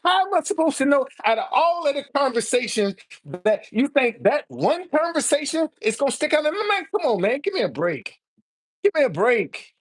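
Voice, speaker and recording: A woman in her seventies with a high-sitting, breathy voice hosts a live stream, answering her viewers. She gets fiery and profane, circling back repeatedly and restarting with stammers.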